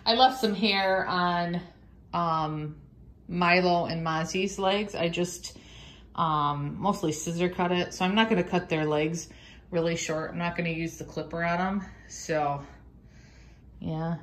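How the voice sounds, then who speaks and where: In this clip the pet vlogger, a middle-aged woman, talks casually to the phone camera she holds while grooming her dog indoors, dropping into sing-song when speaking to her pets. Her lowish, slightly bright voice stays steady and a little slow.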